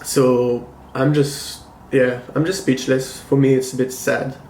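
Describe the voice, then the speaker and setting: A man hosting a casual review vlog, talking to camera in a measured, thoughtful and critical way. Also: medium pitch, level tone, darkish tone, slight background noise. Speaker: comic book collector and channel host. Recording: roomy echo, faint ambience.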